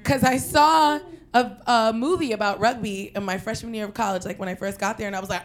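A young woman from Queens telling a personal story in an animated, profane way, breaking into loud shouted quotes. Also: a little high, moderate pace. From Queens, New York.

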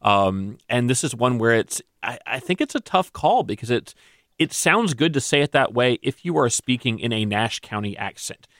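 Man, journalist, mid pitch, thoughtful, restarts, dry sound. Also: expressive, moderate pace, a bit bright, no room sound. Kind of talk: radio news discussion.

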